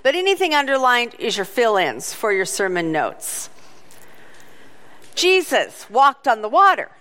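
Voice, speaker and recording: A woman preaching a sermon, telling a story with animated quoted voices. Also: a little high, a little slow, big-room sound.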